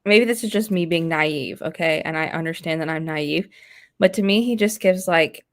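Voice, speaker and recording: A woman's voice: deep voice, moderate pace. A woman hosting a casual stream chat, reading out viewer comments. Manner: chatty, reads out viewer comments. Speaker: stream host.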